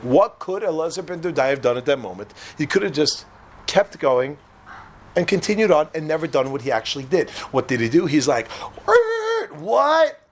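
A man teaching a Torah class in an animated way, quizzing his listeners and laughing at his own jokes. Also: fairly high pitch, brisk. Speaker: religious teacher.

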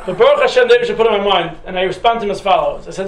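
Speaking very fast with hardly any pauses, this high-voiced man teaches Torah and shares a personal anecdote in a relaxed, funny, filler-laden way. Faint noise and echo fill the roomy space where he's recorded.

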